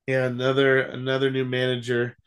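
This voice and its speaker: A man's voice: medium pitch, monotone, brisk, clean tone. A young man co-hosting a podcast, chatting casually about baseball with easygoing ums and restarts. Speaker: podcast co-host. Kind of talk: casual sports chat.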